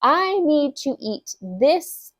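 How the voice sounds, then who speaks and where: A woman voicing a frantic, flustered husband who stammers and pleads in a raised, loud voice. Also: high voice, very animated, drawn-out words, dry recording, studio quality, voice pushed up, full character voice.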